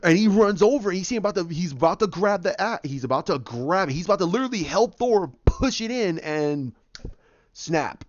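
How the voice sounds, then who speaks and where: Animated man recapping a film. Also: high-pitched, quick pace, few pauses, no room sound, muffled recording. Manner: animated, acts out scenes, many restarts. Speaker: podcast host.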